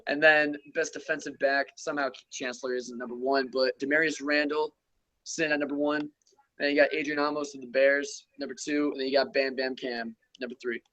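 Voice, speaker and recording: A young man hosts a casual podcast, listing football rankings in a loose, offhand way. He swears freely and comments as he goes. His voice sits at an ordinary middle pitch. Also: flat delivery, a little fast, a bit bright, no room sound, rough recording. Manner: loose, profane, reels off rankings and stats. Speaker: podcast host. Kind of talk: casual sports gaming chat.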